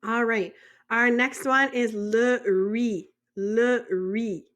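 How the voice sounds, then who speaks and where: A woman's voice: fairly high pitch, steady tone, very slow, a bit bright. An American woman teaching a French vocabulary lesson in a chatty way, joking and asking the viewer questions. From United States.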